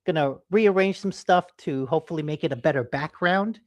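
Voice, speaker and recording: A man's voice: on the high side, a little fast, dry recording. Male co-host, casual rambling chat, dry home mic. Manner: rambling, teasing, filler-heavy. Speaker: podcast co-host. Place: home office.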